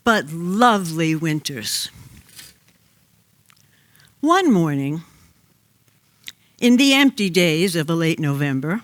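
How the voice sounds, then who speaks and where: An older man reading his own childhood memoir aloud on a small theater stage, deliberate and reflective. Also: sits high, a bit bright, no echo.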